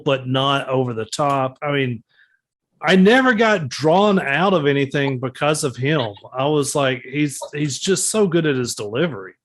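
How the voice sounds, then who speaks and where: A man co-hosting a podcast, talking through his take on a film in a thoughtful way and weighing his words. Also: medium pitch. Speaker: podcast co-host. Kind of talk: casual film review chat.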